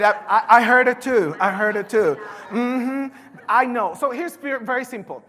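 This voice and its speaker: A woman with a Spanish accent, a native Spanish speaker, giving a live conference talk in an animated, playful way and drawing in the audience. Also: a little high, measured pace, crowd noise, background noise. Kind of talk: live keynote presentation. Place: large conference hall. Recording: echoey conference hall.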